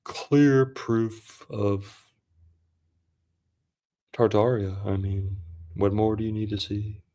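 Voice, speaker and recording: A man doing an impression of a calm conspiracy-video narrator, as a whispered role-play in a soft, slow, soothing murmur. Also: lowish voice. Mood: solemn.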